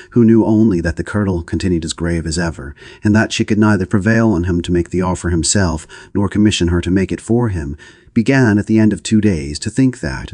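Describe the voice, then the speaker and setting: Male audiobook narrator, deep and husky, formal measured delivery. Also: a little mellow, no room sound, studio quality. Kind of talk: scripted narration of a classic novel.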